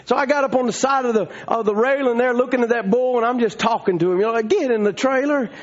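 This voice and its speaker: A man preaching a storytelling sermon, folksy and rising to shouting fervor. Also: very high-pitched, fast talker. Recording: dull lo-fi sound.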